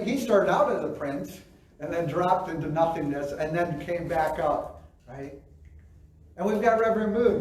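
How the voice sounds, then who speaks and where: A man's voice: high-pitched, a little mellow. A man preaching a sermon as pastor, in a conversational way, acting out quoted reactions and often asking "right?". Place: church sanctuary. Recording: very echoey hall, voice from far off.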